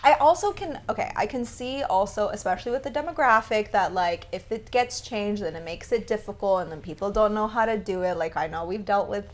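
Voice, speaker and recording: A woman co-hosting a podcast in casual chat, bubbly and quick to laugh. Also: mid-range voice. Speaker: podcast co-host.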